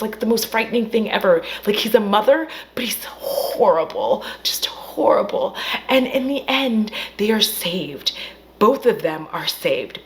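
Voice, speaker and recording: A woman recapping a horror film in a casual, animated way, acting out the characters' lines and swearing freely. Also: mid-range voice. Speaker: film reviewer. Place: at home.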